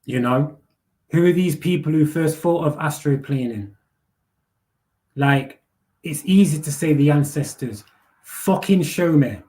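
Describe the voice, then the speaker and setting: A man's voice: fairly high pitch, measured pace, pauses often, dark tone. A young man, hosting a live panel and ranting bluntly with heavy swearing, street slang and repeated words. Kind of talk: casual rant.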